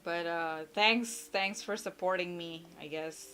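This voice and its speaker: A woman's voice: on the low side, measured pace, bright, forceful tone, smooth. A woman from India who runs a channel, giving blunt, playful advice to viewers in a casual chat from home, laughing easily. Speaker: YouTuber answering viewer questions.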